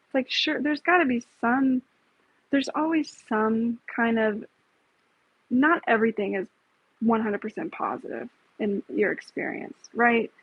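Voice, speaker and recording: A woman's voice: on the high side, a little slow, husky, no room sound. A woman hosting a casual live stream, talking bluntly, with frequent swearing and rambling asides. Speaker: livestream host. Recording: tinny phone-like, dry sound.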